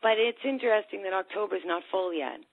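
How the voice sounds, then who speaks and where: On a call, a woman who coaches people with ADHD tells a story, animatedly acting out the voices of its characters. Her medium-pitched voice is fairly quick and creaky, and the dry recording has the tinny sound of a phone line.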